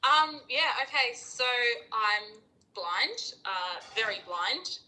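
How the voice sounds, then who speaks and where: An Australian woman calls in as a guest, her voice very bright and sitting a little high. She chats freely, laughs easily and explains things at length over the phone line. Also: expressive, slow pace. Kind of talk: casual chat. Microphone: phone call.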